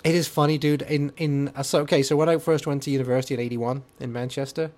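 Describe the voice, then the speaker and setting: A man's voice: mid-range voice, fairly even intonation, fast talker, a little mellow. An older man co-hosting a podcast, chatting casually and rambling with lots of fillers. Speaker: podcast co-host. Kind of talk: casual chat about music.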